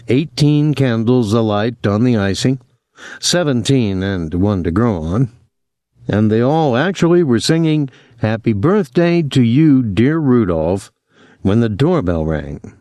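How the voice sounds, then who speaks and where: A man reading an audiobook as the narrator in a measured, even way. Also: medium pitch, dry recording, studio quality. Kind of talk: scripted narration.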